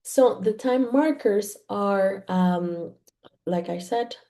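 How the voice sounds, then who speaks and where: Slow, patient woman teaching Spanish. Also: medium pitch, dark tone. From Mexico. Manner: patient, repeats "okay?" after each point, slow and careful. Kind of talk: explaining grammar to learners.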